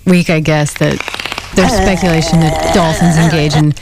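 A woman's voice: low voice, steady tone, moderate pace, gravelly, over music. A woman co-hosting a radio show, chatting with giggly banter. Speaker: radio co-host. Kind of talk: casual talk radio chat.

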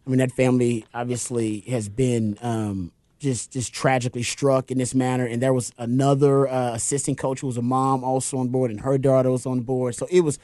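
A man co-hosts a casual sports talk show and tells things in a loose, conversational way. He often stumbles and restarts his sentences. His mid-pitched voice is recorded dry and close. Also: little pitch movement, fairly quick, few pauses, warm tone, no echo. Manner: conversational storyteller, hesitant restarts. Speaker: co-host.

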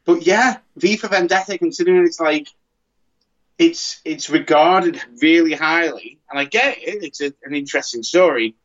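Rambling man, slightly high voice. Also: moderate pace, a bit bright, highs cut off. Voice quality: rambling with many restarts. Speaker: podcast co-host. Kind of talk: casual chat.

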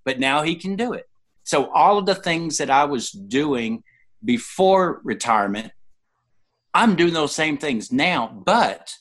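A man's voice: on the high side, fairly bright tone. A man around sixty, an interview guest, telling personal stories conversationally and acting out quoted people with sudden jumps in his voice.

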